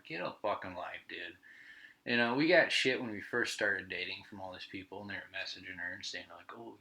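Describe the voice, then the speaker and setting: A man's voice: medium pitch, bright, forceful tone, low-quality recording. Profane ranting male podcast host. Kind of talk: casual rambling monologue.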